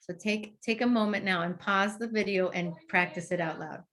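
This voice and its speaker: Woman clinician walking you through a breathing drill step by step, plain middle-pitched voice, pausing to demo it. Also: fairly even intonation, fairly bright tone. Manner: explains step by step, models the exercise aloud with pauses. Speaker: clinician training therapists. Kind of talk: instructional demonstration.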